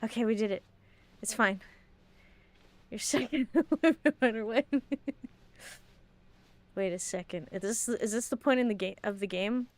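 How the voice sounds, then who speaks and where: Female streamer with excitable, giggly game commentary at a mid-range pitch. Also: a little slow, long pauses.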